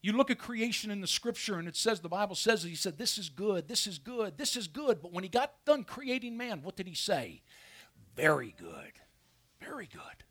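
A man's voice: high-pitched, fairly quick, hardly any pauses. A man preaching a sermon as pastor from a church pulpit, asking his congregation questions as he goes. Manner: animated preaching with rhetorical questions.

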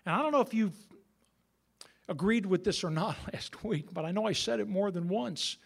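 A middle-aged pastor preaching a sermon with a lively, bouncing delivery and a high-pitched voice. He keeps it conversational and turns aside to talk with the congregation. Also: normal speed, creaky. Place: church sanctuary.

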